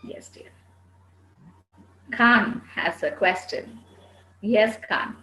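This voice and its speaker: A woman's voice: mid-range voice, extremely slow, pushed and bright. A woman with an Indian English accent answering students' questions in a lecture, firm and instructive. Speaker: soft skills trainer. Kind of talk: classroom Q&A lecture. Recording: roomy echo, faint background noise.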